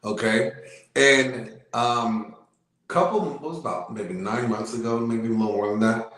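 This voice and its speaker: A man's voice: medium pitch, unhurried, a bit bright. Rambling man in a very echoey room. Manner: rambling anecdotes with filler words. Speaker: guest. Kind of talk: casual storytelling.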